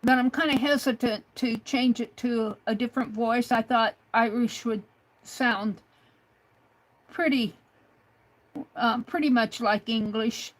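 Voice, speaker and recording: A woman's voice: on the high side, fairly even intonation, unhurried, long pauses, poor audio. A woman hosting a craft livestream, chatting casually and hesitantly with an AI assistant, with many fillers. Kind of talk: casual livestream talk to a chatbot.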